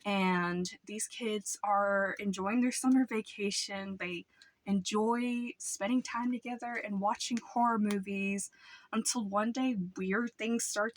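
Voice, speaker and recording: A woman's voice: mid-range voice, no room sound. A young woman casually reviewing books in a rambling way, full of "like" and "um.". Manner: rambling, lots of "like" and "um" fillers. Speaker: book vlogger.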